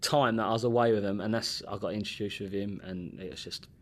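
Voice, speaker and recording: A man's voice: fairly low pitch, fast, a little hiss or hum. A man, a podcast co-host, telling stories in casual chat, laughing and acting out quotes. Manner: animated, laughing, acts out quotes. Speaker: podcast co-host and former footballer.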